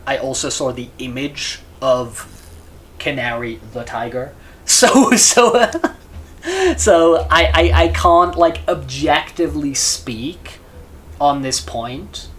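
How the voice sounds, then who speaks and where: A man's voice: on the high side, expressive, slow, a bit bright. A man chatting casually to viewers on a live stream, rambling and stammering with lots of repeated words. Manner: chats with viewers between game moments.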